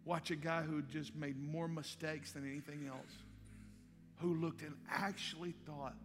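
A male pastor, telling a story in a sermon and acting out the dialogue. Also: mid-range voice. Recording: live hall with long reverb and faint music.

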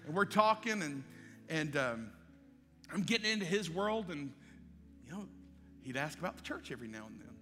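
Male pastor, lively storyteller, slightly high voice, live hall reverb. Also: fairly quick. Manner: animated storyteller acting out dialogue. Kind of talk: sermon storytelling. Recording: live hall with long reverb and faint music.

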